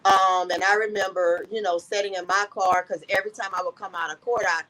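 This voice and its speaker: Woman telling her story in an interview, earnest and kinda soft, keeps saying "i said". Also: mid-range voice, fairly even intonation, fairly quick, low-quality recording. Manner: earnest, repeats "I said" while retelling conversations. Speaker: interview guest. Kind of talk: personal storytelling.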